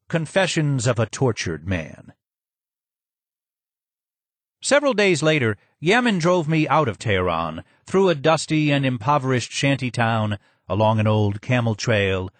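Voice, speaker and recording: A man reading a first-person memoir aloud as an audiobook narrator, in steady storytelling. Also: mid-range voice, a little slow, dry recording. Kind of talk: scripted narration.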